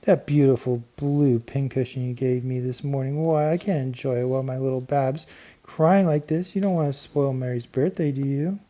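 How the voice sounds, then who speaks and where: A man doing a gentle, coaxing housemaid. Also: mid-range voice, fairly even intonation, moderate pace, voice pushed up, close to an everyday voice. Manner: gentle, soothing, motherly coaxing. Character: kind, coaxing grown woman servant.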